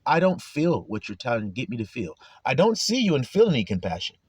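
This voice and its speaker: A man's voice: mid-range voice, huge pitch swings, a little fast, slightly rough, no echo, pitched below the performer's own voice. A man voicing a greedy, heartless thief who dismisses an old woman's pleas. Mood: callous. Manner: cold, dismissive.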